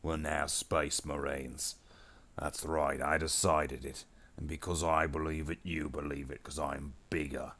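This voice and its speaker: A man doing a very deep, boastful orc warboss. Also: flat delivery, a bit bright. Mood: commanding. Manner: rambling, boastful, with slow drawn-out declarations. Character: boastful male orc warboss, big and bossy. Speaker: live streamer painting miniatures. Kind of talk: casual live stream chat in character.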